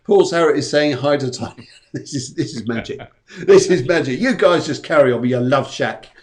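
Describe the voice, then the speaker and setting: A man's voice: a little high, expressive, moderate pace. A man, a psychic medium, hosting a live-stream show in a chatty, jokey, rambling way. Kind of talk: live-stream reading chat.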